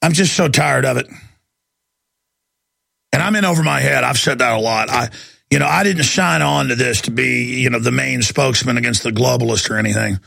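A middle-aged man hosting a radio talk show, delivering an angry rant, shouting and pushing his voice up when worked up. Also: a little fast, creaky. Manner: shouting and ranting, voice climbing high when angry.

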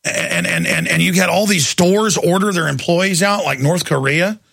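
A man's voice: sits high, normal speed, creaky, fairly bright tone, no room sound, clean studio sound. A man, hosting a call-in talk radio show, ranting in a passionate monologue full of restarts. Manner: impassioned, ranting, repetitive restarts.

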